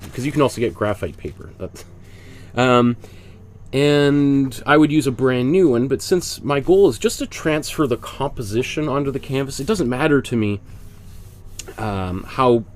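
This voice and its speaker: A man with a stuffy, congested voice leads a casual painting lesson. He chats along in a mid-pitched voice and explains each step as he goes. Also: measured pace. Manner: chatty, explains step by step while working. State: congested with a cold. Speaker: art instructor.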